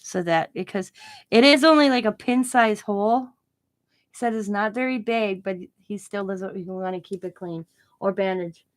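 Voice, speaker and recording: A middle-aged woman chatting casually to her viewers as a craft channel host. She rambles from thought to thought, restarts her sentences and keeps breaking into giggles, in a voice of ordinary pitch for a woman. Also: normal speed.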